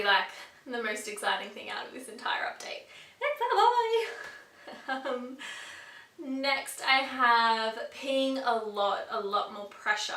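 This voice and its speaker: A woman's voice: on the high side, sharp tone. A pregnant woman in her twenties chatting casually and upbeat in a vlog, with frequent fillers. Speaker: vlogger. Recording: echoey room, mic a bit distant.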